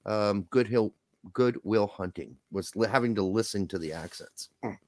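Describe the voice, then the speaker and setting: A male podcast co-host on a casual livestream chat speaks bluntly, swearing often and joking around. His voice is on the low side, at normal speed, with no echo.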